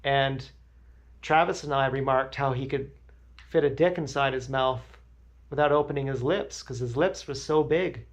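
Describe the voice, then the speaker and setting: A man's voice: mid-range voice, moderate pace. A man livestreaming, telling crude, rambling stories in a blunt way.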